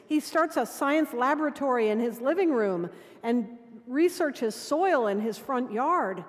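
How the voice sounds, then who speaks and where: A woman dean preaching a sermon in measured storytelling, sometimes dropping to quiet intimacy. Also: sits high. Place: cathedral. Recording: long cathedral reverb.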